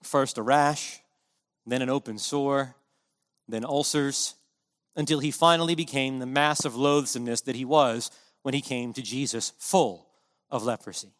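A man's voice: mid-range voice, a little slow, a bit bright, in a large hall. A man preaching a sermon in an earnest, impassioned way, driving his points home with emphatic repetition.

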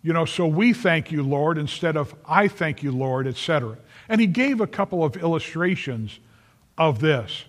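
Preaching at a moderate pace, a man with a fairly high, animated voice speaks earnestly and emphatically. He stresses points by repeating phrases and calls out to listeners by name, and the long reverb of a large hall surrounds the recording.

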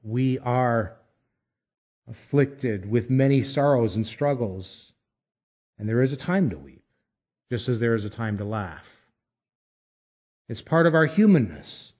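A man delivers a sermon at an unhurried pace, stressing repeated phrases with earnest emphasis. The recording sounds somewhat dull and muffled. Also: mid-range voice, expressive, darkish tone. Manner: measured, emphatic preaching with deliberate pauses. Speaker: pastor.

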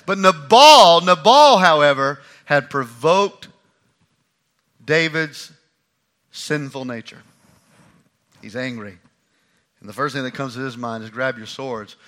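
A man's voice: a little high, lively intonation, slow pace, long pauses, a bit bright. A man preaching a sermon, walking through a Bible passage and acting out the lines he quotes. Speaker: pastor.

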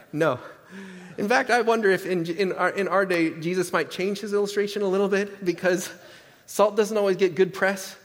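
A man's voice: high voice, fairly even intonation, normal speed, fairly bright tone. Joking, questioning man preaching in a hall. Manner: conversational preaching with humor and rhetorical questions. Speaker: pastor. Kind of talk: sermon. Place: church sanctuary.

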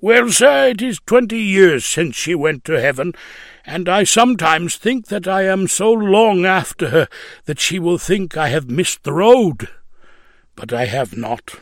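A man's voice: high voice, lively intonation, a little slow, dry recording, clean studio sound, voice pushed up. A man reading a story, voicing a cheerful, devout ninety-year-old man who speaks in plain dialect. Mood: content. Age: older. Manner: plain dialect speech, joyful and earnest.

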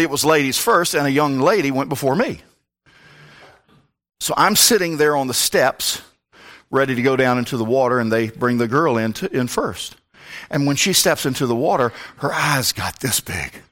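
A man's voice: mid-range voice, fairly bright tone. A male pastor preaching a sermon, telling a personal story with comic asides.

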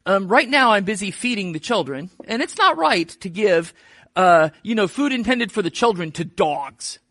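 A man voicing a calm male teacher who speaks in a casual, offhand way in a retelling from a sermon. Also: sits high, moderate pace, no echo, clean studio sound, exaggerated voice.

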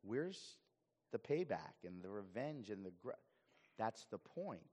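A male pastor preaching a sermon in an animated way, often repeating words as he goes. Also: lowish voice, unhurried, big-room sound.

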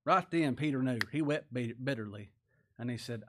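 Man preaching a sermon, loud then hushed. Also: moderate pace, very noisy. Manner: animated preaching that swings between loud emphatic lines and low quiet asides; folksy plain-spoken grammar, reads scripture aloud.

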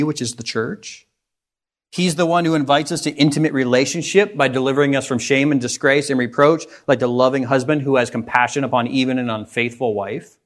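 A man preaching a sermon, earnest and putting rhetorical questions to his listeners. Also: mid-range voice.

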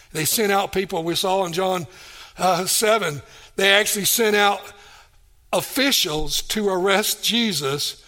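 A man delivers a sermon in a high voice, taking his time over each phrase. He reads scripture passages aloud, then returns to them and repeats the key lines for emphasis. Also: creaky, bright, forceful tone. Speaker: preacher.

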